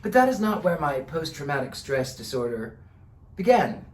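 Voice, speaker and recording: A man hosting his own channel, telling a personal story in an earnest, deliberate way with theatrical emphasis. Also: a little high, sing-song, reverberant. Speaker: channel host. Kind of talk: personal monologue to camera.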